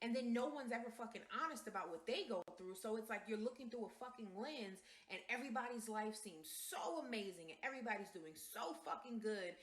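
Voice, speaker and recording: A woman's voice: on the high side, animated, a little fast, few pauses. Blunt, cussing woman in an echoey room. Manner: blunt, frequent profanity, emphatic. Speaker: speaker sharing personal views. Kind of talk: candid personal monologue.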